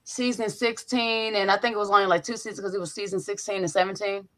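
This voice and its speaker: Young woman host, brash and lively, cursing through casual stories on a video call. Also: medium pitch, fast. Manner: animated, profane storytelling. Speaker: podcast host. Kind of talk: casual chat.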